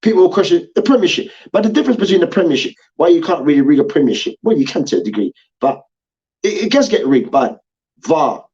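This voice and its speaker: A man's voice: fairly high pitch, very animated, fast talker, a little mellow, dull audio. A man hosting a sports debate show, ranting heatedly, swearing and repeating his points for emphasis.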